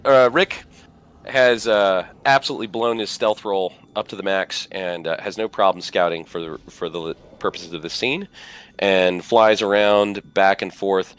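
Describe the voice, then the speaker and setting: A man's voice: sits low, fairly even intonation, normal speed, fairly bright tone, smooth. A man narrating a tabletop game as game master, rambling along with many fillers and asides.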